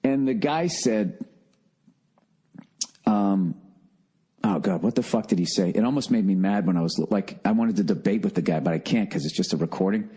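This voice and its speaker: A man's voice: fairly low pitch, moderate pace, long pauses, dark tone, husky. A middle-aged man from the United States, hosting a podcast alone and ranting in an exasperated, profane comic monologue. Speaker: podcast host. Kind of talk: comedic rant monologue. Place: at home, alone.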